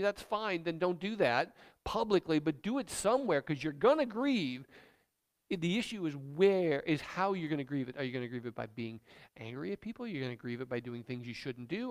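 High, animated male pastor preaching. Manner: animated, emphatic, conversational preaching. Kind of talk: sermon.

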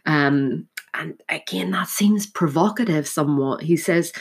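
A woman's voice: deep voice, a little slow, slightly rough. A woman teaching literature, talking through a play scene line by line with frequent fillers and restarts. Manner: thoughtful, many fillers and restarts.

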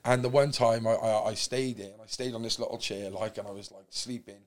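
Man, Cardiff accent, low voice, rambling storytelling, lots of fillers and restarts, podcast guest. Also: fairly even intonation, a little fast. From Wales. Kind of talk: candid storytelling.

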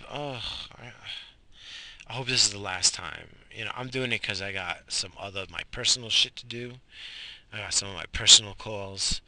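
A man's voice: on the low side, bright, forceful tone. A young man, talking outdoors at night in a rambling, griping monologue full of swearing. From Atlantic coast of the US. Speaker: vlogger.

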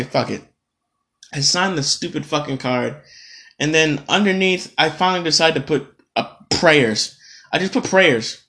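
A man's voice: fairly high pitch, pushed and bright. A man hosting a solo podcast, ranting in a casual, profane, exasperated way. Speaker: podcast host.

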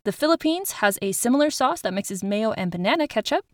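A chatty woman from Utah hosts a podcast, talking through her subject in a casual, informative way. She is self-deprecating and drops little asides as she goes. Her voice sits a bit high and sounds dry and close, with no room around it. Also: animated, brisk, no room sound. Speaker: podcast host.

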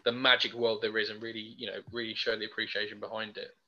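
A man's voice: fairly low pitch, little pitch movement, quick pace, pushed and bright. A young man co-hosting a podcast, chatting casually and enthusiastically about films with many fillers. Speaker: podcast co-host. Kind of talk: casual film chat. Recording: dull lo-fi podcast audio.

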